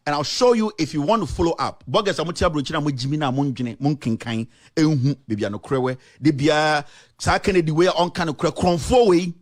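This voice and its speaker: A man's voice: a little high, fast. A man hosting his own show, giving emphatic, repetitive commentary and mixing English with local phrases. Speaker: journalist and show host.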